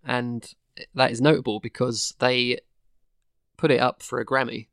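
A man's voice: medium pitch, little pitch movement, a little slow, creaky, a bit bright, dry recording, studio quality. A man co-hosting a podcast, chatting casually, explaining things and laughing often. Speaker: podcast co-host.

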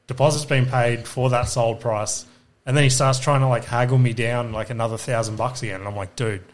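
A man's voice: mid-range voice, steady tone, brisk. Swearing Australian man telling stories. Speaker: podcast co-host. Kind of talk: casual storytelling chat.

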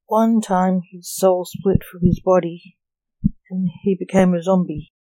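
A reluctant grandson who dodges the truth, as a storyteller puts him on. The voice is slow and unhurried, with a mellow tone. It is recorded dry and close. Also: mid-range voice, steady tone, no room sound, lightly acted, poor audio. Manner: reluctant, evasive.

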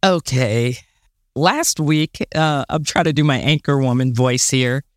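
A man's voice: medium pitch, steady tone, moderate pace, smooth, no room sound, clean studio sound. A man co-hosting a space podcast in casual chat, enthusiastic and given to exasperated rants, with many fillers. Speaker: podcast co-host.

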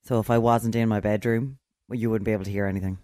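A woman's voice: very deep voice, fairly even intonation, fast talker, dark tone, dry recording. A tired woman co-hosting a podcast from her bed, dry and wry in casual chat. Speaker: podcast co-host. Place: home bedroom, in bed.

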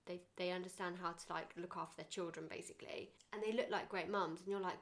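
A young woman hosting a casual chat, talking in a chatty, animated way and acting out quotes. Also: on the low side, fast, hardly any pauses. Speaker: podcast host.

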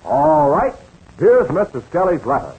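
A man working as a 1930s radio serial announcer, speaking in a bright, friendly way and narrating the story with melodrama. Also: a little high, huge pitch swings, unhurried, phone-quality sound, a little hiss or hum.

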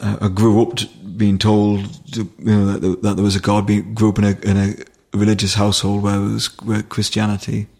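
Man, gravelly voice, flat delivery, emotional, halting, podcast guest. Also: on the low side. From Durham, England. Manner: halting, emotional, many restarts. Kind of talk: personal storytelling in conversation.

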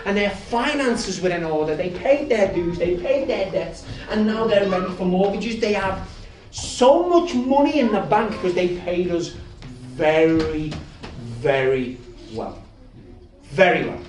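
A man giving a lively, humorous testimony as a storytelling talk. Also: sits high. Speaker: testimony speaker. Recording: echoey room from far off, noisy ambience.

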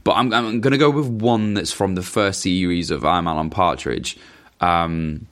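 A man hosts a podcast and casually fields listener questions, rambling, cutting himself off, and chuckling in asides. His voice is deep and a bit bright, at a moderate pace.

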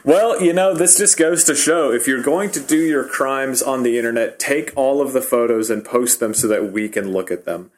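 A man's voice: medium pitch, moderate pace, hardly any pauses. A man co-hosting a podcast in casual chat, making dry, wry remarks. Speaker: podcast co-host.

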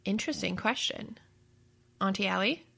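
A woman's voice: mid-range voice, normal speed, creaky, fairly bright tone. Playful woman hosting a family chat. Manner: playful, upbeat, laughs easily. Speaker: host asking a child questions.

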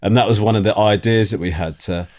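A man from England, a comedian guest, chatting casually on a podcast and telling stories with quick restarts. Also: fairly low pitch. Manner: animated storytelling with quick restarts.

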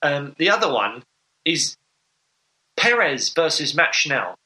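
A man's voice: on the high side, very animated, slow pace, pushed and bright, poor audio. A man co-hosting a podcast, chatting casually and enthusiastically with lots of fillers. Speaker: podcast co-host. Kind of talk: casual sports chat.

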